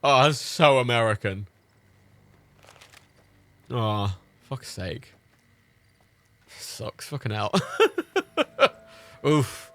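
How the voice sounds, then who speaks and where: A man's voice: mid-range voice, extremely slow, long pauses, bright, forceful tone. A British man chatting on a live game stream, swearing and laughing in disbelief. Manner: sweary, exasperated, laughs often.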